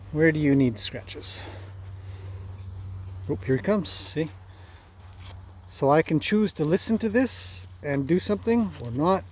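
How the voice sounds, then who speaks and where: Man, horse trainer, warm mellow voice, a bit high, relaxed chat outdoors. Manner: relaxed, talks to the horses as he goes. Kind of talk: casual talk to camera. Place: outdoors in a pasture among horses.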